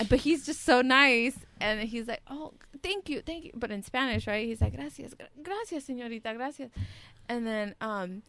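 Female podcast co-host, chatty and laughing, slightly high voice. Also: fairly bright tone, smooth, dry recording. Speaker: podcast co-host, works with patients. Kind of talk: casual podcast storytelling.

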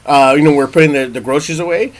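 Animated storytelling man. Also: on the high side, racing, noisy background. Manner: animated storytelling, acts out quotes. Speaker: podcast co-host, father. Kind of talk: casual chat.

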